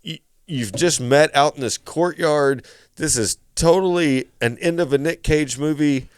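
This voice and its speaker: A man hosting a podcast, recapping a movie in animated, casual chat with swearing. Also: a little high, measured pace, clean tone, dry recording, studio quality. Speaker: podcast host.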